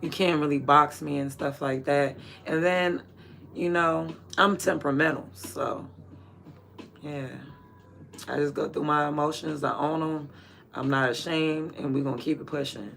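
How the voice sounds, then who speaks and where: A man's voice: on the high side, steady tone, a little slow, gravelly, a bit bright, slight background noise. A man chatting casually and candidly in a rambling, slangy way while watering plants. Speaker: vlogger.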